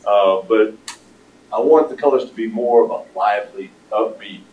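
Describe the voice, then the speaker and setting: An older man giving a casual, rambling pitch to an audience, with lots of fillers. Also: moderate pace, narrow, tinny audio. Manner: rambling storyteller with many fillers. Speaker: startup presenter. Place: meeting room with audience. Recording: roomy, distant room recording.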